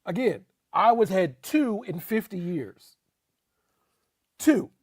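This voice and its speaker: A man co-hosting a casual sports talk show, talking in an animated, emphatic way with laughs and repeated phrases. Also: high voice, slow, no room sound, clean studio sound. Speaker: podcast co-host.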